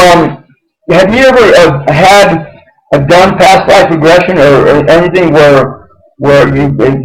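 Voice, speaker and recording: Male host, slightly high voice, halting, stumbling questions, interview. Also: poor audio. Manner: halting, stumbling over repeated words. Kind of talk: interview conversation.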